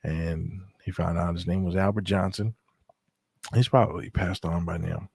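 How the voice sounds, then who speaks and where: A man's voice: low voice, steady tone, moderate pace, creaky, a little mellow, breathy edge, no room sound. A man telling personal stories in a laid-back, rambling way, with lots of fillers and restarts. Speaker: storyteller recounting memories. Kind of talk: casual spoken storytelling.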